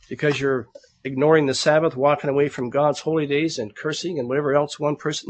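A man's voice: on the high side, fairly quick, a bit bright, slight background noise. A male pastor delivering a sermon, with a voice sitting a little above the usual range for a man. He talks to the congregation in a plain, earnest, conversational way, calls them brethren, and often doubles back on a word before moving on. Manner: repeats words as he searches for them.

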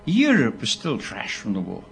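A man, preaching a sermon in an animated storytelling way, with asides to the people listening. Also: mid-range voice, moderate pace, vocal fry, a little hiss or hum. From Britain. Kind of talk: sermon to a live audience.

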